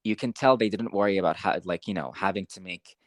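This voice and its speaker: A young man co-hosting a podcast, talking casually with lots of fillers, rambling and getting excited. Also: sits low, quick pace, no echo. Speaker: podcast co-host. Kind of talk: casual chat.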